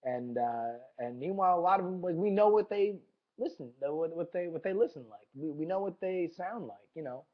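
Man, podcast host, casual rant, swears a lot, repeats words, slightly high voice, dull lo-fi sound. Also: expressive, fairly quick. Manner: profane and enthusiastic, repeats words. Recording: dull lo-fi recording.

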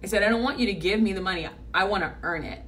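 A woman's voice: medium pitch, racing, a bit bright, distant mic, a little hiss or hum. A middle-aged woman coach telling a personal story in a blunt, emphatic way, repeating her points for force. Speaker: business coach. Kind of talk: motivational storytelling.

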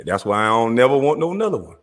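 A man with a Southern US accent hosting his own show in a loud, animated, profane rant, often laughing as he talks. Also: medium pitch, rapid-fire, big-room sound. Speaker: show host.

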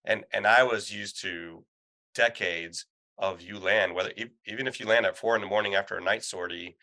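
Brief: male guest, deep and bright-edged, measured and earnest delivery. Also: steady tone. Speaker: guest, corporate pilot. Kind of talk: casual conversation.

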